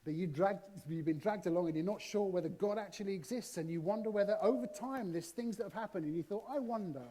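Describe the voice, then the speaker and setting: A man, preaching a sermon in a church, telling stories with lively swings between loud and soft. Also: sits high, fast talker, hardly any pauses. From southern England. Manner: animated storytelling, shifting loud and soft. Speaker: guest preacher.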